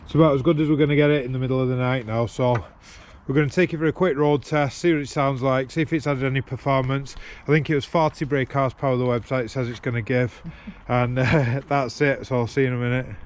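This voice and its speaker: This man talks fast with few pauses, his mid-range voice carrying fairly even intonation. As a car vlogger working on a car outdoors at a roadside, he swears casually to a handheld camera on a gimbal, and a little hiss or hum can be heard.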